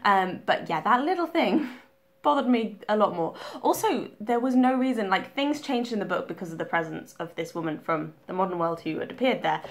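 A woman's voice: medium pitch, moderate pace. Chatty woman book vlogger. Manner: chatty, many ums and restarts. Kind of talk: casual reading update.

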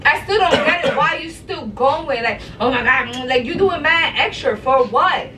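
A woman's voice: high voice, moderate pace, sharp tone, roomy sound. A young pregnant woman vlogging, talking in a blunt, exasperated way with street slang and lots of repetition. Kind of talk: casual argument on camera. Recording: distant mic with vehicle noise.

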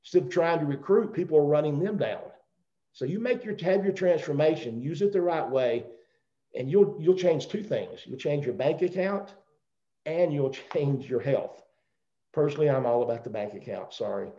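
A man's voice: a little high, expressive, normal speed, dark tone. A middle-aged man with a Southern accent giving a rambling, joking motivational talk on a video call. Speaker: guest speaker on a company call. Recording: roomy, dull video call audio.

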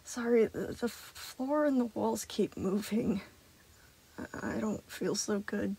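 A woman voicing a manic, childlike male sun animatronic who stammers and laughs too loudly in a fan story reading. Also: on the high side, completely flat delivery, unhurried. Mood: unsteady. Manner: loud, stammering, laughing, near tears.

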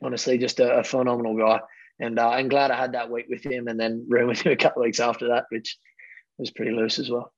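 Gravelly Australian man spinning yarns. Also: mid-range voice, little pitch movement, quick pace, no room sound. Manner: laughing, rambling anecdotes. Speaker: guest rugby player. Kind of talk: casual storytelling. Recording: dull, dry lo-fi audio.

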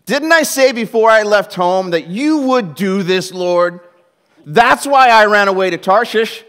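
A man voicing Jonah as a bitter, complaining male prophet who whines loudly and sarcastically to God. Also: a little high, fairly even intonation, slow. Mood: resentful. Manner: whiny, complaining, exasperated. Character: sulky, indignant prophet Jonah, adult man.

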